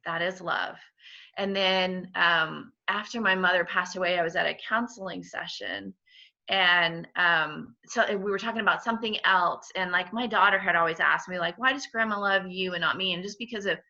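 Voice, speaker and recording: Woman, middle-aged, podcast guest, bright tense tone, dull lo-fi recording, candid faith testimony. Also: on the low side, fairly even intonation, normal speed, creaky. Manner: candid, heartfelt, laughs through emotion. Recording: dull lo-fi sound.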